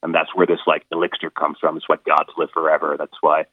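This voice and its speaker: A man with a very low voice talks over a narrow, tinny phone line, and the sound is dry and close. He speaks casually and haltingly, filling his pauses with ums and restarting his sentences as he explains his stage show. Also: completely flat delivery, slightly rough, no room sound. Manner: halting, lots of fillers and restarts. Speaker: stage performer interviewed as a guest.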